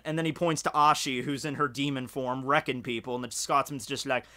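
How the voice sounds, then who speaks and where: A man from Scotland giving casual, rambling video commentary, excited and swearing freely, with lots of fillers. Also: on the high side, brisk, few pauses. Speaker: video reviewer.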